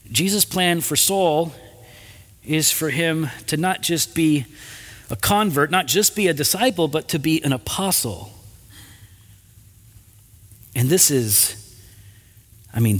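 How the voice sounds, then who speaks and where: A male pastor reads scripture and then unpacks it in a lively, conversational sermon. His voice is high and bright. The long reverb of a big hall hangs behind every line. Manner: animated, conversational preaching with asides.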